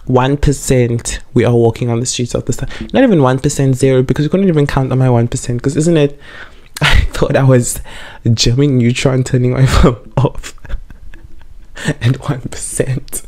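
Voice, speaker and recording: A man's voice: mid-range voice, darkish tone. A young man in a casual storytime chat, a bit tipsy from wine, rambling and repeating himself as he tells the story. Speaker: vlogger.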